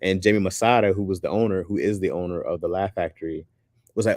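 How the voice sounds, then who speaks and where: Casual male streamer, deep voice, dry close sound, animated and loose. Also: quick pace, no room sound. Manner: loose and animated, says "bro" often. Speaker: streamer chatting with viewers. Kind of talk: casual chat.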